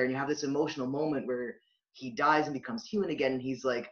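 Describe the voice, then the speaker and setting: A man's voice: medium pitch, steady tone, quick pace, fairly bright tone. A man co-hosting a casual movie review chat, ranting animatedly with swearing and bursts of laughter. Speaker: podcast co-host. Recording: dull lo-fi audio.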